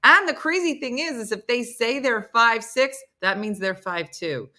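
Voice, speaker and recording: A woman hosting a casual live chat from her home, answering viewer comments in an animated, chatty way. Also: fairly high pitch, normal speed. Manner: animated and chatty, jumping between stories and asides. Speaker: host of a live chat show. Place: at home, indoors, with her dogs.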